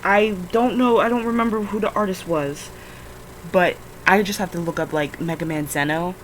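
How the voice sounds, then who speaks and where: A woman's voice: medium pitch, moderate pace, a little hiss or hum, poor audio. A tired woman rambling through a casual screen-recording vlog, swearing often and flaring into frustrated outbursts. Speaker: vlogger.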